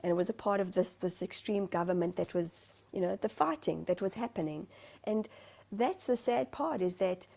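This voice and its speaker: Woman guest, mellow, a bit of fry, chatty and emotional storyteller. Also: fairly low pitch, moderate pace. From South Africa. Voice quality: talkative, self-described motor mouth. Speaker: guest, spiritual medium. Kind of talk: candid interview conversation.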